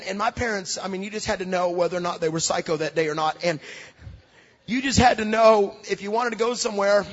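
High gravelly preacher in a reverberant hall. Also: male voice. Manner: emphatic preaching that swings from soft asides to shouts. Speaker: pastor. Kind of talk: sermon. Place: large church hall. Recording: dull lo-fi recording with long hall reverb.

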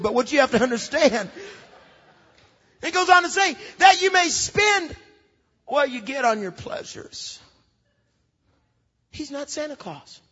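A pastor preaching a sermon, moving from quiet storytelling to emphatic shouts. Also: male voice, very high voice. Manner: emphatic preaching that swings from soft asides to shouts. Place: large church hall. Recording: dull lo-fi recording with long hall reverb.

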